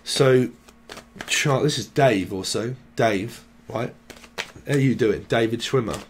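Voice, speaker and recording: A man's voice: medium pitch, slow, a little hiss or hum. A man giving a loose, free-associating tarot reading, jumping between names and words and joking as he goes. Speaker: tarot reader. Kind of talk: rambling channeled tarot reading.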